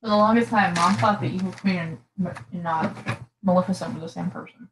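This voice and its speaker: A woman's voice: fairly low pitch, brisk. Teasing woman friend, roomy sound. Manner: teasing, laughs a lot. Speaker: friend on the show. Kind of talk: casual chat. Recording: roomy with faint noise.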